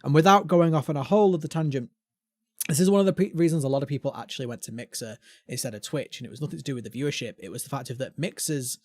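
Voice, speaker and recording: A British man hosting a gaming podcast, talking casually and ranting with animated emphasis. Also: medium pitch, rapid-fire, no echo, clean studio sound. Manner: animated ranting, mimics voices. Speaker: podcast host.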